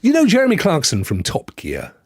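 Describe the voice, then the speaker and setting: A cheeky man in his fifties from Devon with a West Country English accent, teasing his co-host through casual podcast chat. His pitch leaps around with big swings, and the sound is close and dry with no room around it. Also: huge pitch swings, fairly quick, breathy edge, no echo. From Devon, England. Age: 50s. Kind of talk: casual banter.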